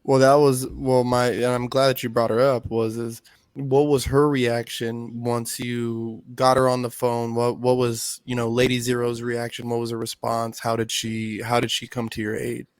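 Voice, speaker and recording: A man co-hosting a podcast, asking questions haltingly and rephrasing as he goes. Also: mid-range voice, level tone, clean tone, dry recording. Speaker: podcast co-host. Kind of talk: casual podcast chat.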